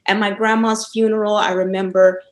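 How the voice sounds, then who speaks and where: A woman talks as a podcast guest in a loose, easygoing way, telling stories with plenty of laughter. Her voice sits at an average pitch. The recording carries a clear roomy echo. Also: normal speed. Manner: laughs often, lively storytelling. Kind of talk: casual interview chat.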